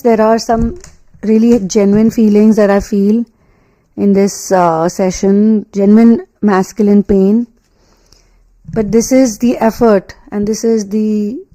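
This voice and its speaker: A woman's voice: medium pitch, dark tone, low-quality recording. A woman with an Indian English accent, a tarot and energy reader, giving a spiritual reading in an earnest, repetitive way, full of fillers and emphatic restatements.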